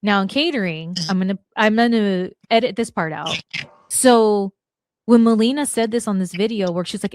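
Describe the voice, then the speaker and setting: A woman's voice: medium pitch, animated, a little fast, darkish tone, no room sound, studio quality. A woman in her forties, a guest on a podcast, telling stories bluntly and acting out the lines she quotes. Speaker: podcast guest, former wrestler. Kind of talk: casual storytelling chat.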